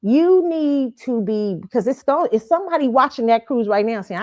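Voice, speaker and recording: A woman's voice: fairly high pitch, animated, normal speed. Blunt, profane woman ranting. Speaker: show host. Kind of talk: ranting opinion commentary. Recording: slightly dull lo-fi audio.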